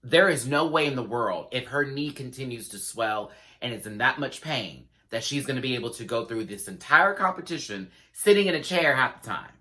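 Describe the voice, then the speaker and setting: Sassy, bright-voiced man reviewing a show. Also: normal speed, few pauses. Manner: sassy, animated, acts out quotes with big pitch jumps; laughs often. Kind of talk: casual review commentary.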